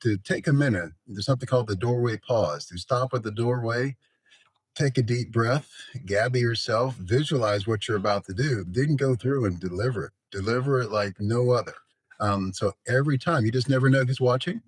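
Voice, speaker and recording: A middle-aged man and college president, a podcast guest telling stories about his career in a measured way with frequent fillers. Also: medium pitch, breathy edge, dry recording. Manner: measured, storytelling, frequent "you know". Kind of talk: podcast interview.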